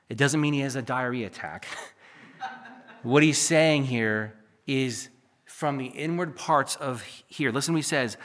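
A male pastor preaching a sermon, building to emphatic peaks and then dropping to quiet, confiding asides. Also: mid-range voice, unhurried. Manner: preachy, rises to near-shouting then drops to a hush.

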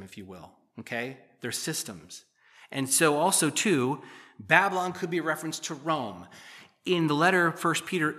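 Bright-voiced man preaching conversationally. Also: medium pitch. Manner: conversational teaching, frequent "okay?" check-ins. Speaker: pastor. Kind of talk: sermon.

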